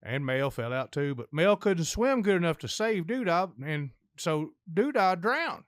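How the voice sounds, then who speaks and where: An older man tells long jokes as a podcast guest, rambling in a folksy way. His voice sits high for a man. It sounds dry and close. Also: expressive, measured pace, no room sound. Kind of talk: folksy joke telling.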